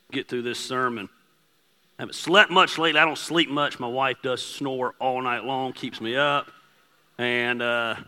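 A man preaching a sermon as pastor while losing his voice, hoarse, blunt and joking with emphatic delivery. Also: medium pitch, bright, forceful tone.

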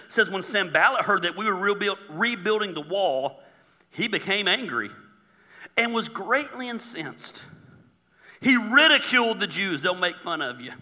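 Man, pastor, sermon, very bright tone, long hall reverb, joking asides. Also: high-pitched. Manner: conversational and joking, with mocking asides. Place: church auditorium.

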